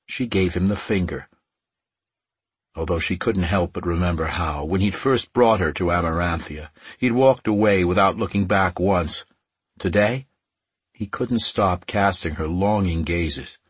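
Deep, husky male audiobook narrator. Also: unhurried, no room sound.

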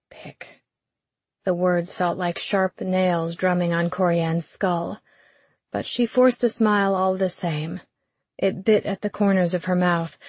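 Sex: woman. Role: audiobook narrator reading fiction in a measured, even way. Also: on the low side, husky, no echo. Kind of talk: scripted narration.

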